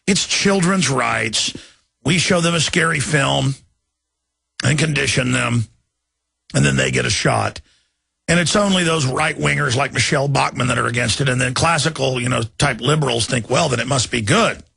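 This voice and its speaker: A male talk radio host ranting with urgency, his voice raspy and gravelly, forceful and fairly high. He pleads and presses his listeners in a long indignant monologue. The sound is dry and close, with faint music underneath. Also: moderate pace, no echo.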